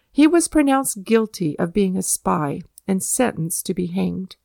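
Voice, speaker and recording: A woman reading historical anecdotes aloud as a steady storybook narration, lifting her voice for quoted speech. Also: medium pitch, creaky, dry recording, studio quality. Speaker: audiobook reader. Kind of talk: scripted narration.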